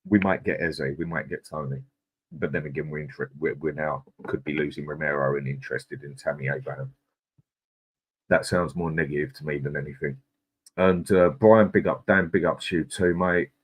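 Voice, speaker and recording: A man's voice: rumbling low, steady tone, moderate pace, breathy edge. A man hosting a live football stream, ranting angrily and swearing, then reading out and greeting viewers in the chat by name. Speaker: host.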